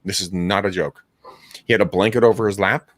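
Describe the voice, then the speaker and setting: A man in his thirties, a real estate agent hosting a casual call session, telling stories with profanity and loud laughter. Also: low voice, fairly even intonation, a little fast, dry recording, clean studio sound. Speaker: real estate agent hosting a live cold-calling stream. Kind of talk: casual chat, storytelling.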